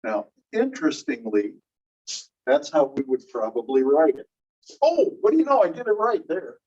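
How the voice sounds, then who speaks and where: A man teaching a linguistics class, explaining slowly and repeating key phrases while checking that students follow. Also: on the high side, very animated, a little mellow, slightly rough. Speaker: linguistics instructor. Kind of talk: classroom lecture. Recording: muffled distant classroom recording.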